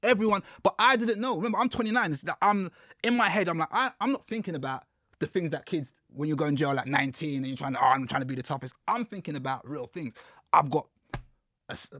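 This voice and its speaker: A man, a podcast guest telling his story in a casual, animated way. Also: on the high side, fast, dry recording, studio quality. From United Kingdom. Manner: animated storyteller, acts out quotes with slang.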